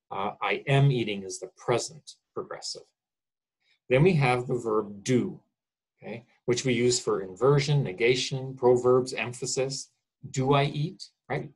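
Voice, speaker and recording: Husky-voiced man lecturing on grammar. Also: fairly low pitch, rough recording. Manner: explanatory, checks in with "okay?" and "right?". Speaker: college English instructor.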